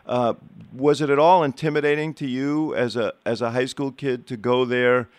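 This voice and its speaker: Male podcast host, clear and smooth voice, halting conversational questions, dry sound. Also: medium pitch, fairly even intonation, dry recording. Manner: hesitant questions, many fillers, laughs along. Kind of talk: conversational interview.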